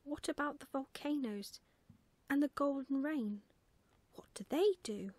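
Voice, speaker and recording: A woman's voice: sits high, measured pace, no echo, voice pushed up. A woman whispering as a timid baby barn owl. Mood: wondering. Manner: soft, wondering, hesitant. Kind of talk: whispered role-play.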